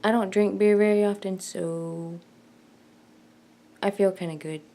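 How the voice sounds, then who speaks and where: A woman chats casually to the camera at an unhurried, drawn-out pace. She rambles and makes fun of herself with little jokes along the way. A faint background hiss sits under her voice. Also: medium pitch, fairly even intonation, warm tone. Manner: rambling and self-mocking, jokey. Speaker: vlogger. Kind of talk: casual chat.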